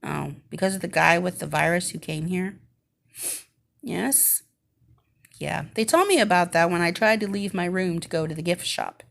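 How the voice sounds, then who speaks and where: A woman's voice: on the low side, normal speed, creaky, a bit bright. A woman reading a story and voicing an adult woman in the hospital who jokes and teases her friends. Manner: wry, teasing, coughing.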